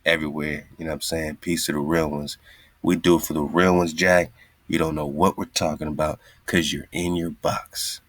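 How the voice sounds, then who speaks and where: A man's voice: a bass voice, level tone, normal speed, no echo, clean studio sound. A man hosting a casual talk show, speaking loosely in street slang and taunting a played clip between laughs. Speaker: podcast host. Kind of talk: casual mocking commentary.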